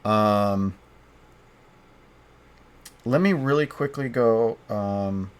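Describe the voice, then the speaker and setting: A man playing a tabletop game solo, narrating as he thinks aloud, halting and restarting often. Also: lowish voice, smooth. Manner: halting, hesitant, frequent restarts.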